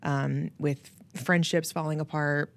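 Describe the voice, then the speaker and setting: Woman host, low voice, emotional storytelling, laughs a lot, acts out quotes. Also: fairly even intonation, slow pace, creaky, dry recording. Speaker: podcast host. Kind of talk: heartfelt personal storytelling.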